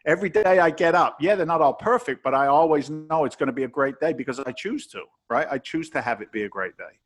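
A man's voice: a little high, animated, fast. A man from England, a guest entrepreneur on an interview podcast, giving emphatic, preachy motivational advice with blunt wording and a bit of swearing.

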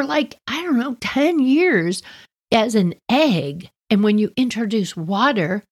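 A woman hosting a podcast, telling a childhood story in a chatty, animated way and talking straight to her listeners. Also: on the low side, husky. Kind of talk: casual storytelling.

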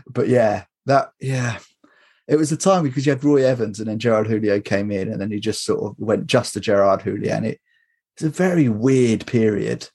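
A man's voice: fairly low pitch, moderate pace, a little mellow, slightly rough. A man, chatting casually as a podcast guest, laughing often and restarting his sentences. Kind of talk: casual chat.

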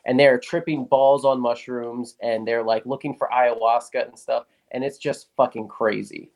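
A man's voice: mid-range voice, fairly even intonation, moderate pace, creaky, darkish tone. A man chatting on a podcast, rambling and swearing casually as he explains things. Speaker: podcast guest. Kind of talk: casual chat.

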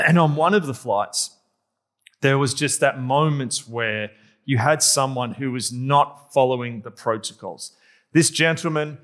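A man preaching to his congregation, his voice sitting at an ordinary middle pitch. He moves through the message as a running anecdote, wry and self-mocking, with comic timing in the details. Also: fairly bright tone. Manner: humorous anecdotal storytelling; self-deprecating. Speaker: pastor. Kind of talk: sermon.

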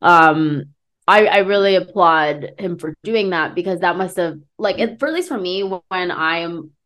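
A woman's voice: on the low side, unhurried, fairly bright tone. A young woman from the United States co-hosting a podcast, talking in an earnest, reflective way. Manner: earnest, reflective, thinks aloud. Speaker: podcast co-host. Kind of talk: casual chat.

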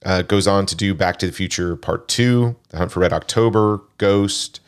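A man's voice: low-pitched, normal speed, clear, resonant tone. A man hosting a casual movie podcast, reading through crew credits with frequent fillers. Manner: reads film credits, chatty with frequent fillers. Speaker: podcast host.

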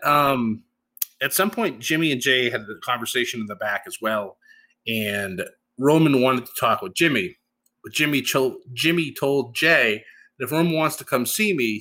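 A man giving a casual solo recap, chatty and animated, often laughing and using fillers. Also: mid-range voice, normal speed. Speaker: show recap host.

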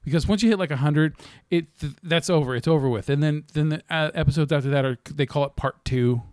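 A man in loose podcast chatter, his voice sitting a bit high, with a rambling way of talking and frequent laughs. The sound is close and dry, with no room in it. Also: quick pace, darkish tone, no echo. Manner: rambling, swearing, laughing often. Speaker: podcast co-host. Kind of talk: casual chat.

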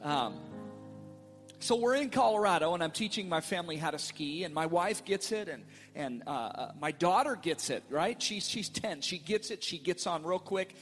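A middle-aged male pastor telling a family story in a sermon, animated and playful, acting out the voices in his quotes. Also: a little high, moderate pace, in a large hall, faint music behind.

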